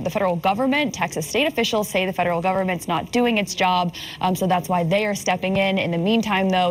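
A woman news anchor reporting a story in a measured way, with some fillers. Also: mid-range voice, slight background noise.

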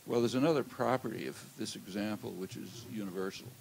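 Older man lecturing, low gravelly voice. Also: darkish tone, slight background noise, low-quality recording. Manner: measured, halting, many "uh" fillers. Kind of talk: academic lecture. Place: lecture hall. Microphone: handheld or lectern mic.

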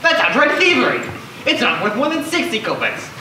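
Heard distantly with hiss on an echoey school stage, a young man portrays a con artist who fakes drownings for cash. He haggles theatrically and briskly, his pitch sweeping widely, and cries out for help.

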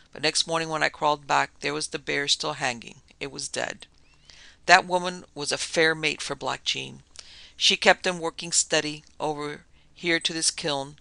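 A man narrating a spooky tale in a measured storytelling manner. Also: on the high side, vocal fry, sharp tone, smooth, no echo, rough recording. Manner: storytelling, measured, dramatic dips.

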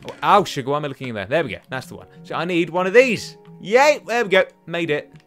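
A man's voice: on the high side, lively intonation, fast talker, fairly bright tone, faint music behind. A young man hosting a let's play from home, rambling to himself and taunting enemies as he plays. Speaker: gaming channel host. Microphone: desk microphone.

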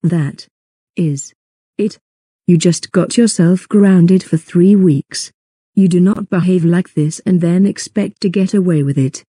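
A woman's voice: lowish voice, a little slow, warm tone, slightly rough, dry recording, studio quality. A woman voicing a strict cartoon mother who scolds sternly.

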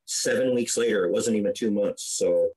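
A man's voice: lowish voice, moderate pace, dark tone, poor audio. Earnest middle-aged man telling his story. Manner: earnest, conversational, with frequent restarts. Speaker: podcast guest. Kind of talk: recounting a personal story.

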